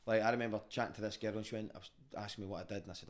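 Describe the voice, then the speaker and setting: A man's voice: fairly low pitch, steady tone, racing, few pauses. A Glaswegian comedian in his thirties, telling candid, sweary stories as a guest in a casual podcast interview. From Scotland. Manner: candid and sweary, rambling with restarts.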